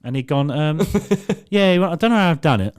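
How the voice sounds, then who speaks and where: A man's voice: fairly high pitch, lively intonation, a little fast, clean tone. A young man, co-hosting a podcast, telling a funny story and laughing through it, swearing freely. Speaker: podcast co-host. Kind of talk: casual storytelling.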